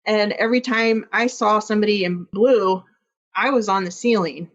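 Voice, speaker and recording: A woman's voice: medium pitch, moderate pace. Candid woman telling her story, lo-fi. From Iowa. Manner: candid, animated retelling with quoted dialogue. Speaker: podcast guest. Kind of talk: emotional personal storytelling.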